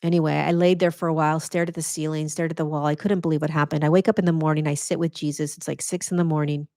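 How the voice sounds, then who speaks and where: Earnest woman podcast host, low voice. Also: fast, no echo, studio quality. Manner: earnest, animated, talks straight to listeners; frequent restarts and stammers when excited. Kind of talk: personal spiritual storytelling monologue.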